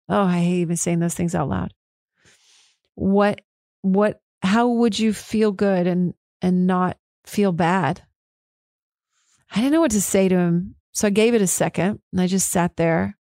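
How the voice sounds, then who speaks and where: A woman with a lowish, slightly mellow voice talks a bit slowly on her own podcast, recorded in studio quality with no echo. Alone at the mic, she's candid and frank, fired up, and sometimes swears.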